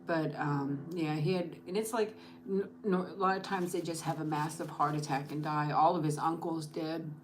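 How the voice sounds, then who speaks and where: A woman's voice: low voice, fairly even intonation, normal speed, slight background noise. A woman vlogger chatting casually with viewers over lunch. She rambles, restarts her sentences and thanks people by name. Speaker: vlogger hosting an eat-with-me stream. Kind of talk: casual livestream chat.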